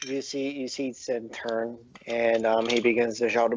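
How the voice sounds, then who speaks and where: A man narrating a tabletop game as game master, halting often with ums, on a dull lo-fi recording. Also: mid-range voice, little pitch movement, noisy background.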